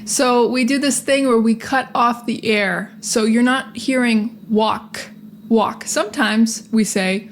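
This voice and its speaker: A woman's voice: on the high side, steady tone, unhurried, slight background noise. Upbeat American woman teaching pronunciation. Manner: upbeat, emphatic, repeats drill words. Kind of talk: pronunciation lesson to camera.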